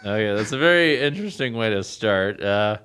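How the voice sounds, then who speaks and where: A male podcast host with a low, smooth voice. He talks loosely and casually, padding his questions with fillers as he interviews a guest. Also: animated, brisk, fairly bright tone.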